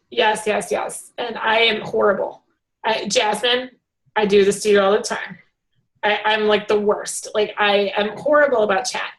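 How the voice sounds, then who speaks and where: A woman leading a casual group video call, talking in a rambling, animated way with many fillers. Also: medium pitch, poor audio. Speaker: hangout organizer.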